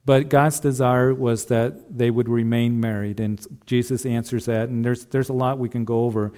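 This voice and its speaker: Pastor preaching, mellow warm tone, earnest, keeps repeating himself. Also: male voice, mid-range voice, fairly even intonation, moderate pace. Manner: earnest, repeats phrases, addresses husbands directly. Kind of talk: sermon.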